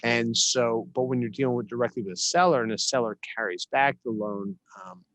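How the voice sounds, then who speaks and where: A man's voice: mid-range voice, fairly quick, no room sound. A man from South Jersey, a guest in an interview, talking casually with many restarts and easy chuckles. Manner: relaxed, many restarts and fillers, chuckles often. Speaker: interview guest, investor and attorney.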